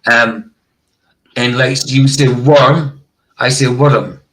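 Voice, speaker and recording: A man from northeast Scotland with a Doric Scottish accent, rolling his R's strongly in casual chat as a stream host; his voice is a bit rough today. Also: medium pitch, fairly even intonation, slow pace, a bit bright, rough recording. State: slightly rough voice.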